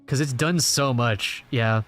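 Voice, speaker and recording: A man casually reacting to a comic he is reading aloud, rambling and animated, with many fillers. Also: mid-range voice, slow, faint music behind. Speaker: reaction channel host.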